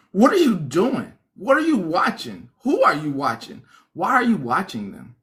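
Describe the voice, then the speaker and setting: Lively laughing man preaching kindness. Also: high voice, measured pace. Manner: animated, laughing, mimics others in whispers. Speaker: online pastor. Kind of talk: casual preaching livestream.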